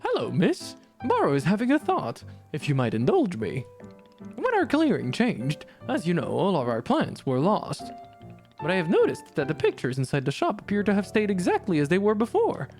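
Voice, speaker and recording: Brief: a streamer plays a kindly old shop worker with quaint formal speech and swooping pitch, over soft music. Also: huge pitch swings, normal speed. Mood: musing. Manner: formal, odd phrasing, refers to himself by name. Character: gentle old male tea-shop worker. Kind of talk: voicing game dialogue while streaming.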